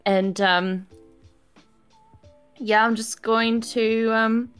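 A woman's voice: on the high side, steady tone, drawn-out words, smooth, faint music behind. A woman playing a tabletop game, describing her moves hesitantly with many fillers. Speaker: player. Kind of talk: casual tabletop play.

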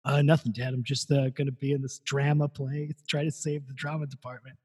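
A man's voice: medium pitch, level tone, fairly quick, dark tone, slightly rough, close to an everyday voice. A man voicing a meek teenage son, talking in a hesitant mumble. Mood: evasive.

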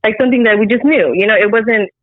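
A woman telling a personal story in casual chat, animated and laughing often, acting out the lines she quotes. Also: on the high side, quick pace, dry recording, phone-quality sound. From Central Texas. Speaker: guest.

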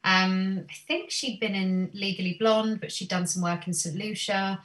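A woman, a singer, telling stories from her career in a chatty, animated way with many "um"s. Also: medium pitch, normal speed, far from the mic. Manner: animated storyteller, many "um"s, laughs easily. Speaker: guest singer. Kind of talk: casual interview chat.

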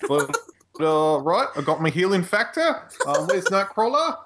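A man's voice: high-pitched, very animated, a little slow, a bit bright, slight background noise, voice pushed up, exaggerated voice. A man putting on a goofy, exaggerated voice as a tough clawed Australian brawler. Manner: exaggerated bouncy put-on accent. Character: hammy tough Aussie bloke, clawed brawler.

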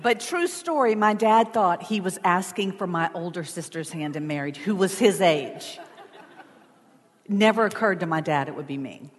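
A woman's voice: on the low side, expressive, moderate pace. A woman telling a personal story in a sermon in a chatty, emotional way, with asides to the congregation. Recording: long church hall reverb.

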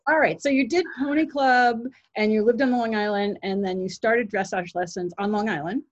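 A woman's voice: mid-range voice, moderate pace, muffled recording. A woman hosting a casual interview, friendly and chatty, laughing along with her guest. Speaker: host.

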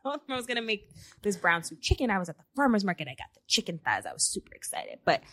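A woman's voice: medium pitch, quick pace, dry recording. A young woman co-hosting a casual chat podcast, telling stories with lots of laughter and acted-out quotes from her home office. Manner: animated storytelling, laughs often, acts out quotes. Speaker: podcast co-host.

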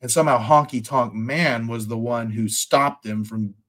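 A man's voice: mid-range voice, moderate pace, a bit bright. A man hosting a casual interview, talking as an enthusiastic fan with lots of filler words. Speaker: podcast host.

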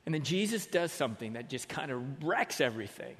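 A man preaching a sermon in a casual, animated storytelling way, acting out the voices of the people in the story. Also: sits high, fast, few pauses. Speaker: pastor. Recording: long hall reverb.

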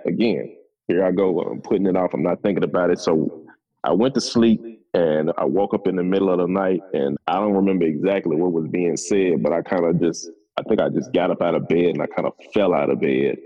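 A man's voice: sits low, fairly quick, highs cut off. A man, a podcast guest telling his story in a laid-back, conversational way. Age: 30s. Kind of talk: casual storytelling.

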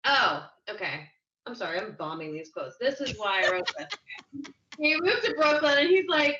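A woman's voice: fairly high pitch, sing-song, normal speed, bright, forceful tone, a little hiss or hum. A woman chatting casually and reading out film quotes hesitantly, with self-mocking asides. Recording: roomy, distant, slightly dull.

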